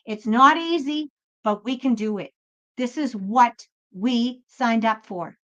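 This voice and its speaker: Taking it slowly, a woman with a fairly high, somewhat bright voice delivers a spiritual pep talk that is blunt and heavy on emphatic profanity. She's a tarot reader and spiritual channel host, heard through slightly dull lo-fi audio.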